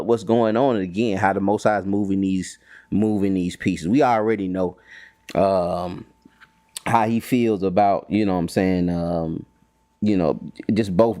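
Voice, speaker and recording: A man leading a bible study, retelling the text in loose slangy talk with lively voices for the characters. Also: sits low, no room sound, studio quality. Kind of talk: casual bible study commentary.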